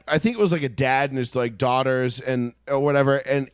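A man telling a story loudly and profanely in a casual podcast chat. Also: medium pitch, moderate pace, hardly any pauses, clear, resonant tone, no room sound, studio quality. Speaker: podcast co-host.

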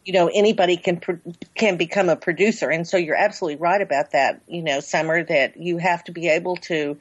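A woman's voice: fairly low pitch, fairly even intonation, fast talker, dry recording, dull audio. A woman guest on a radio show, speaking in an agreeable, reflective way. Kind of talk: casual radio talk.

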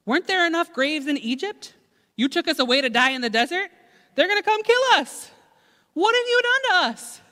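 A woman doing a shrill, whiny grumbling crowd. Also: expressive, fairly quick, bright, forceful tone. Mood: panicked whining. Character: panicking grumbling crowd of wanderers. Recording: echoey hall.

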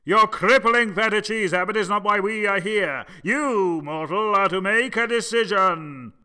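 A man's voice: unhurried, sharp tone, clean tone, no room sound, heavily acted. A man voicing a theatrical, anxious king of the gods, pompous and hammy in his delivery. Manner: pompous, hammy, swoops high and low. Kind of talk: comedy audio sketch.

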